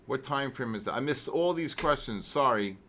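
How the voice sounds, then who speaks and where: A man hosting a live trading session, excitedly shouting out viewers' names with heavy market jargon, then dropping to weary muttering over questions. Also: normal speed, a little hiss or hum. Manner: drops to low, weary muttering while reading questions. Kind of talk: live trading-stream commentary.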